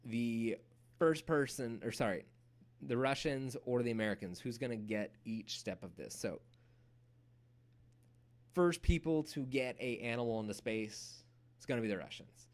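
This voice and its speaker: A man's voice: mid-range voice, moderate pace, long pauses. Man giving a casual history lecture. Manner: casual, animated storytelling with playful acted-out quotes. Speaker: history teacher. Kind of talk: recorded lecture.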